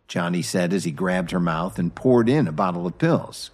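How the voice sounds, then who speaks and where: A man narrating a story in scripted, animated style. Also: deep voice, moderate pace, hardly any pauses, husky. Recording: faint background music.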